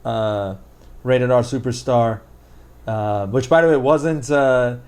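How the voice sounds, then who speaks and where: A man co-hosting a wrestling podcast, talking excitedly and rambling, with many fillers and some swearing. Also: mid-range voice, takes it slowly. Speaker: podcast co-host. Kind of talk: casual wrestling chat.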